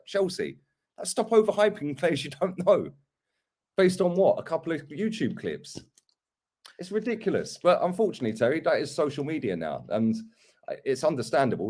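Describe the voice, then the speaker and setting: A young man rants about football in a casual fan chat. His pitch sits a little high for a man and swings widely as he mocks other fans. He sounds heated and animated throughout.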